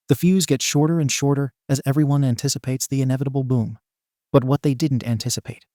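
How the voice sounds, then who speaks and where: A man's voice: medium pitch, fairly quick, mellow, no room sound, clean studio sound. A man reading a comedic fan story aloud in a wry, tongue-in-cheek narrating voice.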